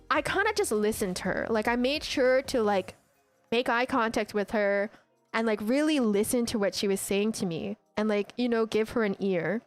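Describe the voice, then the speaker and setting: A young woman streamer chatting casually, telling an animated story full of "like" and restarts. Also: on the high side. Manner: animated storytelling, heavy use of "like". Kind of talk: casual chat.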